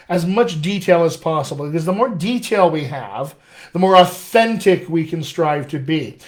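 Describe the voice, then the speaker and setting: A man coaching accents on a live stream, reading out questions and answering in a friendly, upbeat way. His voice sits a little high for a man. He keeps the chat loose and conversational. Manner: upbeat, chatty, reads viewer questions aloud. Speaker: dialect coach.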